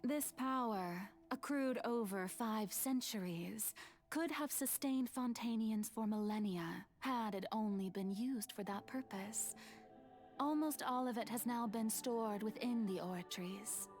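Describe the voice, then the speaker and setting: A woman voicing Focalors, a soft scheming goddess. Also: fairly high pitch, faint music behind, lightly acted. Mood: solemn. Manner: slow, measured, soft and confiding. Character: ancient scheming female goddess, calm and wistful. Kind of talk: video game cutscene dialogue.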